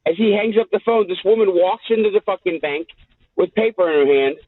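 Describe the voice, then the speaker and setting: Host, male; high, swooping delivery; husky; thin phone-like audio. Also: fairly quick, dry recording. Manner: animated, profane, acts out the people in his stories. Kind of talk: casual storytelling. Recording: tinny phone-like sound, dry.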